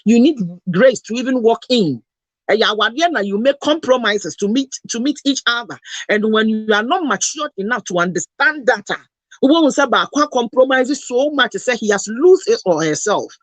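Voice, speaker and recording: A woman's voice: a little high, lively intonation, moderate pace, dry recording. Emotional Ghanaian woman, scolding. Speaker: host. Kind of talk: impassioned talk, mixing Twi and English.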